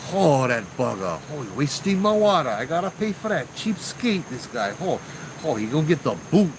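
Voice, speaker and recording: A man's voice: medium pitch, big pitch swings, normal speed, background noise. A man putting on the voice of a fussy, cheapskate older island uncle, speaking Hawaiian Pidgin with an exasperated edge. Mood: indignant. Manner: raised, exasperated retelling.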